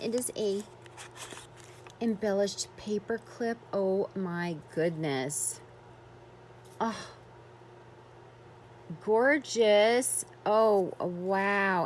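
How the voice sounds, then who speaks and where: A woman's voice: medium pitch, slow, a little hiss or hum. A woman vlogging as she unboxes a craft swap, gushing with effusive exclamations in casual chat.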